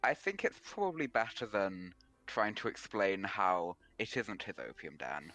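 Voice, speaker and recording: Man, player, lowish pitch, lively, joking. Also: measured pace, soft background music. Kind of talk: casual tabletop play.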